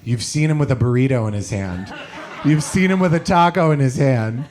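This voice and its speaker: A man's voice: medium pitch, animated, fairly quick. A man giving the opening announcements and introducing the host at a small comedy club, joking with the crowd and calling out at times. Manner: jokey, uses um often, calls out loudly at times.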